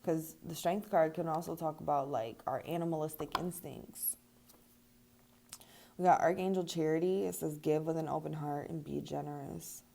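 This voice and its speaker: A young woman talks her viewers through a card reading in a loose, chatty way, laughing often and dropping casual swears. Her voice sits a little low and sounds mellow and warm rather than bright. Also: steady tone, normal speed, gravelly. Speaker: tarot reader.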